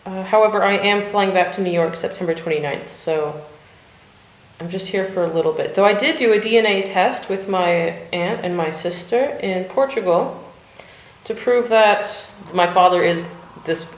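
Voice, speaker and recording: A woman's voice: medium pitch, normal speed. Rambling chatty woman in an echoey studio. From United States. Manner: chatty and rambling, swearing, with many fillers. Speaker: vlogger. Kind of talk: rambling casual chat. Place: cold home art studio. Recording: echoey room.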